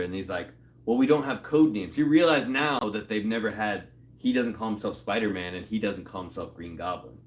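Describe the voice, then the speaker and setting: A man's voice: on the low side, fairly quick. A man co-hosting a casual comic book chat, laid-back and chuckling as he chimes in with details. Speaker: co-host.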